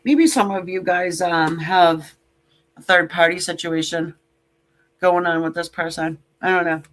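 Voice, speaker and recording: A woman's voice: on the low side, steady tone, a little slow, a bit bright. A woman giving a casual tarot reading to camera, blunt and joking, with sassy asides and casual swearing. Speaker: tarot reader.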